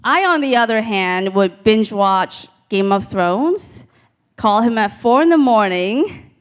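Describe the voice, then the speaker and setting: A woman performing a stand-up comedy set on a live stage, telling deadpan stories and talking to the crowd. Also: mid-range voice, slow pace, clear, resonant tone. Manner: deadpan storytelling with crowd asides.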